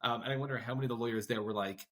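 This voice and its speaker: A man's voice: medium pitch, steady tone, rapid-fire, a bit bright. A man hosting an interview as a rabbi, reflecting on the story with enthusiasm. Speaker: host rabbi. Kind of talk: interview chat.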